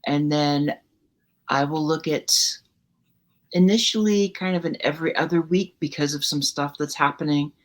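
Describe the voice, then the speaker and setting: A woman hosting her live talk show, speaking in a reflective, encouraging and measured way. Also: deep voice, steady tone. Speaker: show host. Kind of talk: casual live show chat.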